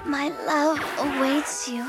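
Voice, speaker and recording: A woman playing a breathy lovestruck alien girl. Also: high-pitched, fairly even intonation, takes it slowly. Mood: passionate. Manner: breathy, sighing, whispery. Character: lovestruck young alien woman, giggly and eager. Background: music.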